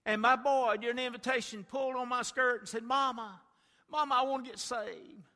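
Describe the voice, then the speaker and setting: A woman's voice: a little high, steady tone, a little fast, bright, forceful tone, pitched above the performer's own voice. A man, a preacher, voicing a grieving middle-aged mother who pleads and wails, heard with long church reverb. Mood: anguished. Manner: pleading, wailing.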